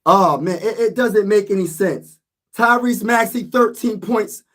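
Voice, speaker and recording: A man's voice: high voice, measured pace, fairly bright tone. A man vlogging about a basketball loss in a casual, exasperated rant, repeating himself and speaking. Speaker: sports vlogger.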